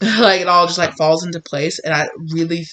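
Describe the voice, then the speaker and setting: A young woman giving a casual tarot reading, rambling and acting out imagined conversations with gasps and hushed asides. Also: on the low side, a little fast. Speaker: tarot reader.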